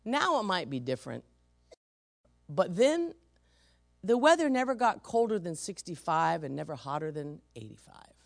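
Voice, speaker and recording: Gravelly woman preaching with lively stories. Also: on the low side, normal speed, no echo, studio quality. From San Francisco. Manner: storytelling, acts out quoted voices, emphatic. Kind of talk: sermon with personal stories.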